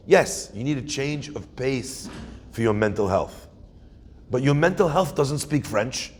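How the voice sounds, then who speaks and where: A man's voice: medium pitch, a little slow, slightly rough. Man giving a sermon. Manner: conversational, animated, asks the audience questions. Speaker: rabbi. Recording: hall reverb.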